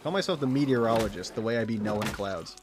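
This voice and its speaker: A man streaming a game, swearing freely, joking, and reading in-game text aloud in an excitable way. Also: on the low side, fast talker, background noise. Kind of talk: gameplay commentary.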